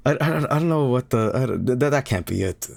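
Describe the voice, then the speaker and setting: A man's voice: medium pitch, gravelly, a little mellow, no echo. A male streamer chatting casually late at night, swearing a lot, stumbling over his words and laughing often.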